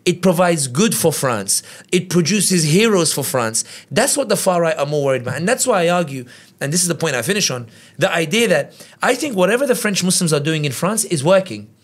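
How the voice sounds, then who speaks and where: A man with a somewhat high voice speaks as a podcast guest, spirited and quick. He breaks into little impressions of the people he quotes. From United Kingdom. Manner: animated, quick, acts out quotes in other voices. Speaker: guest commentator. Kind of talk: conversational analysis.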